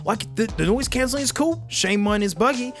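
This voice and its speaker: A man's voice: very high voice, animated, a little fast, a bit bright, soft background music. An Australian man reviewing earbuds in a blunt, joking, casual way, often saying mate. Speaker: headphone reviewer.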